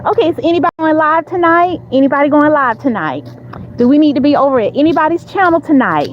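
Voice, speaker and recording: She speaks fast in a high, animated voice, a casual livestreamer chatting with viewers while heading to her car outdoors. Holding her phone, she reads chat, laughs frequently and fills gaps with fillers, all in dull phone audio with outdoor noise.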